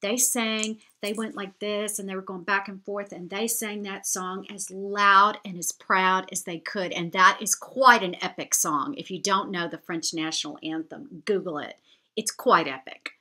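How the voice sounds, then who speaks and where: Lady vlogging, telling a story all chatty and heartfelt, bright clear voice. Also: medium pitch, steady tone, measured pace. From United States. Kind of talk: storytelling to camera.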